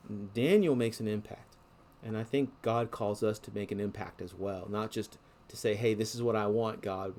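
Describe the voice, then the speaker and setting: A man's voice: fairly low pitch, a little mellow. A middle-aged man preaching a sermon in an earnest, conversational way, restarting phrases often.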